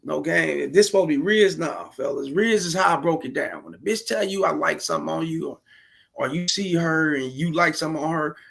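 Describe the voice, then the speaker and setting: A man's voice: fairly high pitch, animated, a little fast, vocal fry, fairly bright tone, slightly rough. A man reacting to a clip in casual commentary, blunt and crude, handing out streetwise advice to the fellas.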